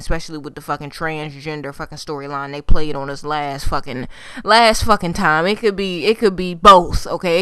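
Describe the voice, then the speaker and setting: A woman's voice: on the low side, clear, resonant tone, dry recording. Sassy, foul-mouthed woman recapping a show. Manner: profane, sassy and animated, heavy swearing; chatty with fillers, addresses viewers as y'all. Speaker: TV recap vlogger. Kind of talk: casual TV episode recap.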